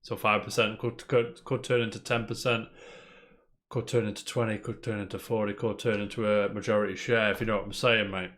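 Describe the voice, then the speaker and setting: A man's voice: on the low side, level tone, a little fast, a bit bright. A man co-hosting a casual gaming news podcast, rambling cheerfully and calling his co-host "mate". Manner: chatty, rambling, peppers talk with "mate".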